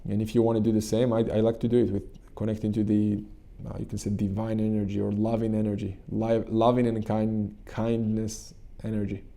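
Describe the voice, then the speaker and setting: Male coach, dark mellow voice, gravelly, earnest guided-meditation talk. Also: on the low side, monotone. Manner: earnest, repetitive, halting restarts. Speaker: channel host and coach.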